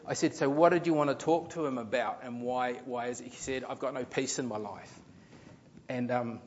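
A man's voice: medium pitch, fairly even intonation, moderate pace, highs cut off, a little hiss or hum. A man, a pastor telling a story in a sermon, in a chatty, rambling way with restarts and fillers.

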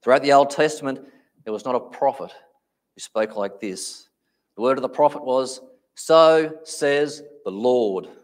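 A man preaching a sermon, speaking emphatically and slowing down to stress key phrases. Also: mid-range voice.

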